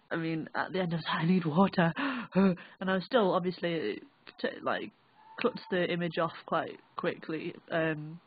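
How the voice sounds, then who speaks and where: A woman's voice: on the low side, breathy edge, no echo. Young northern english woman rambling on, swears loads, tinny dry phone audio. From England. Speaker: vlogger. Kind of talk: casual first-person recollection.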